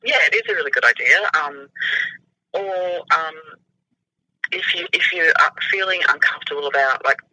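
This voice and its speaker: An Australian man, a podcast guest, talking in an unhurried, relaxed way with thoughtful pauses. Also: fairly high pitch, dry recording, low-quality recording. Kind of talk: casual chat.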